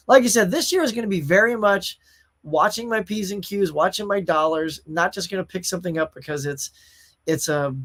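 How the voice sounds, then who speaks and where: Chatty man with a fairly high voice. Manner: chatty, addresses viewers as y'all. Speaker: host. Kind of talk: casual live-stream chat, reading viewer comments.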